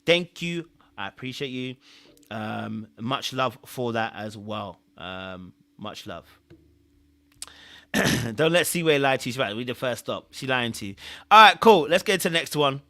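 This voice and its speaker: A man's voice: medium pitch, animated, measured pace, sharp tone. A man hosting a live-stream recap show, chatting casually, thanking viewers and giving earnest, repetitive advice. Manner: chatty, repeats himself, thanks viewers often. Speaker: show host reviewing a reality series.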